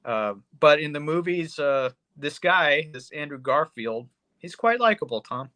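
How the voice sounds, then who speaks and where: Male podcast co-host, excitable and foul-mouthed, slightly high, bright voice. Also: a little slow, dry recording. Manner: excitable, swears a lot, trails off with fillers. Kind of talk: casual profane movie review chat.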